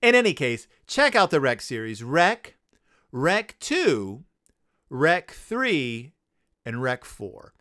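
Lively sarcastic man recapping a book. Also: medium pitch, slow, dry recording, studio quality. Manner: sarcastic, riffing, acts out characters. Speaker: podcast host.

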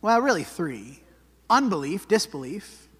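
A man's voice: high voice, very animated, measured pace, fairly bright tone, husky. A man preaching a sermon in a church, talking conversationally and often checking in with "right?". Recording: church hall with long reverb.

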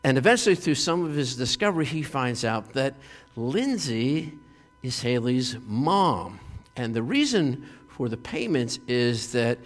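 Male pastor, animated storyteller, recorded in a hall with long reverb. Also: medium pitch, unhurried. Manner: animated storytelling with frequent fillers and laughs. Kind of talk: sermon retelling a TV episode.

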